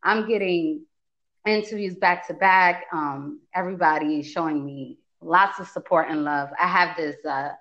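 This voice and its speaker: A woman's voice: lowish voice, normal speed. Upbeat woman podcast host, slightly dull sound. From Bridgeport, Connecticut. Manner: upbeat, warmly encouraging. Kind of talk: casual podcast interview.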